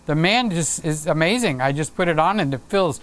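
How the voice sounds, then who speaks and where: A man's voice: fairly high pitch, lively intonation, fairly quick, fairly bright tone. A man hosting a live stream, chatting casually and playfully with viewers and reading out their comments. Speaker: livestream host.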